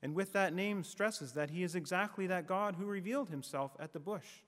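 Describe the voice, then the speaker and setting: A man's voice: sits high, fairly bright tone. Man preaching in a reverberant hall. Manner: measured, emphatic preaching with falling phrase endings. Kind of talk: sermon.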